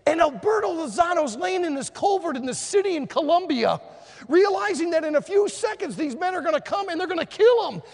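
A man preaching a sermon, telling a story and swinging between hushed and shouted delivery. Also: very high-pitched, lively intonation, fairly quick. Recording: long hall reverb.

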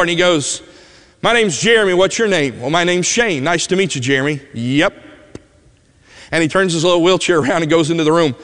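A man tells a personal story from the pulpit in a somewhat high voice. He is a vivid storyteller who drops to a hush at the tender parts, and his voice carries a long reverb through a large church hall. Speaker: preacher giving a testimony. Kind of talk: emotional sermon storytelling.

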